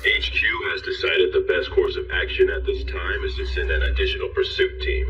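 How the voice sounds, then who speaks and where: An actor playing a military radio officer who relays orders in a crisp, formal manner, in an anime dub. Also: male voice, sits low, level tone, a little fast, background noise, natural voice. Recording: distant, dull, echoey sound with music.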